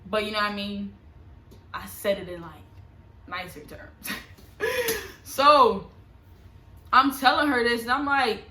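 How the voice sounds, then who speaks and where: Young woman vlogger, casual and confiding, bright tone, echoey room. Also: mid-range voice, measured pace, pauses often. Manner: slangy, animated, confiding. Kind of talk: casual storytelling to camera.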